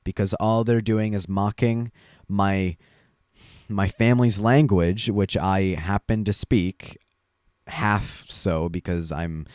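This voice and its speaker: Young guy rambling on his podcast, slow and kinda low, lots of ums. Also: a little mellow, clean tone, no room sound, clean studio sound. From Chinese family background. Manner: rambling, wry, many fillers. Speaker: podcast host. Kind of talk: casual monologue.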